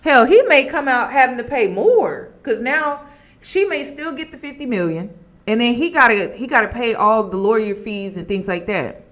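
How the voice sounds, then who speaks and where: A woman giving casual commentary to her viewers, animated and laughing as she talks. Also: a little high, normal speed. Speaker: commentary vlogger.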